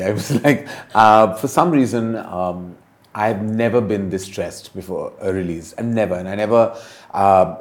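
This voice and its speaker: Middle-aged Indian man, lowish voice, emotional interview guest, halting, confessional. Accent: Indian English. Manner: emotional, confessional, with many fillers and restarts. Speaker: film director. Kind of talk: candid interview talk.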